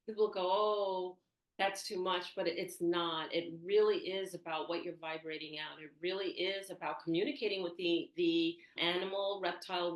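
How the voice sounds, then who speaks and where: A woman hosting a podcast interview, speaking calmly and affirming her guest. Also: on the low side, reverberant, poor audio. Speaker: podcast host. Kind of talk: conversational interview.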